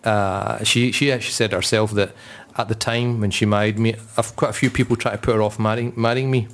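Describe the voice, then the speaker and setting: Lowish-voiced and fairly quick, this man from Britain is an Islamic scholar sharing personal stories on a panel. He's animated and performs the voices of the characters in his anecdotes.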